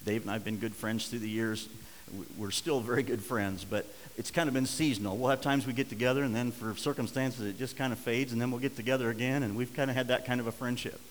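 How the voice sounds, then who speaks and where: Middle-aged pastor preaching in an echoey hall. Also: male voice, mid-range voice, steady tone, fast talker, slight background noise. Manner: storytelling, swings from soft to loud and urgent. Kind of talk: sermon.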